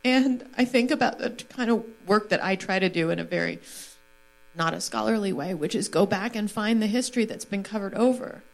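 A woman's voice: medium pitch, a little fast, creaky, poor audio. A woman in her forties, an author speaking candidly on a stage panel, laughing easily and reading a passage aloud with feeling. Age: 40s.

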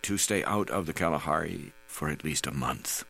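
A man's voice: extremely low pitch, normal speed, vocal fry, pushed and bright, heavily acted. A man doing a Swedish-accented old village doctor. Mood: warning. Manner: careful, warning. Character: stern elderly male village doctor.

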